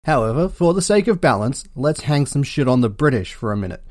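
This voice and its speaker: A man with an Australian accent hosting a comedic history podcast, delivering sarcastic, deadpan jokes. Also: medium pitch, brisk, no room sound, clean studio sound. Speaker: podcast host.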